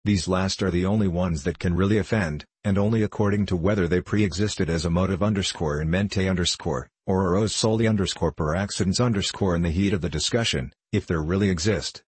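A man reading the part of a calm, haughty Dominican friar who speaks with a nasal twang and authority. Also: low voice, brisk, few pauses, slightly rough, dry recording. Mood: lecturing. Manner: authoritative, indifferent, hair-splitting.

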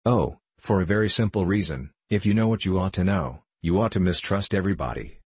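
A man's voice: low voice, lively intonation, brisk, breathy edge, dry recording. A man voicing a scheming older bishop and former musketeer who speaks in a formal, pleading, courtly way.

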